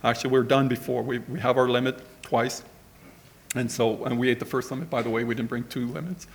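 A man's voice: medium pitch, fairly even intonation, brisk. A middle-aged man telling a rambling, conversational story as part of a sermon. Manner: rambling, conversational anecdote with many asides.

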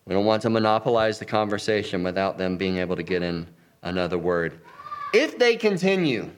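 A man giving an instructional talk, lively, acting out sample lines of dialogue as he explains. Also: lowish voice, fairly quick, clean tone. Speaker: teacher.

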